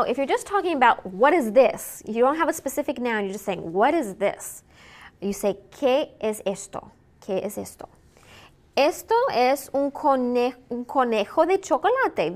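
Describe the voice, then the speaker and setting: A woman teaches a recorded Spanish lesson in a high, animated voice. She speaks slowly and sounds out each phrase for learners to repeat. She explains points in English between the Spanish examples. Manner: slow, clear modeling of phrases for repetition.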